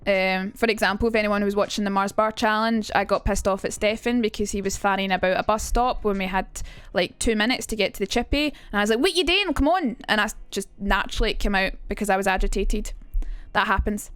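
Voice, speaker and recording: A woman's voice: mid-range voice, fairly even intonation, fast, few pauses, fairly bright tone, smooth, no echo. A young woman streamer casually teaching, chatty and rambling, reading chat aloud with casual swearing.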